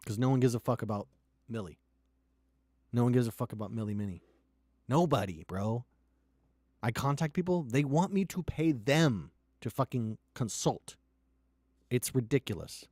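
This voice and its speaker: A startup founder ranting and pitching with heavy swearing, swinging from loud outbursts to low, quiet lines. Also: male voice, expressive, normal speed, pauses often, no echo, studio quality. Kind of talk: impassioned profane rant and pitch.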